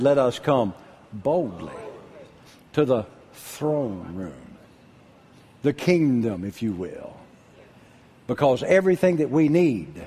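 Older preacher guy, husky, voice jumps all over, hushed then loud. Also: mid-range voice. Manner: animated preaching, drops to a hush then shouts out. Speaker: pastor. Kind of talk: sermon.

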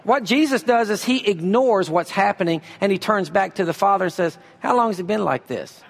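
A man preaching a sermon, reading scripture slowly and pressing his points with emphasis. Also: high voice, expressive, creaky, in a large hall. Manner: emphatic preaching, reads scripture slowly, uses a volunteer for a demonstration. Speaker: pastor.

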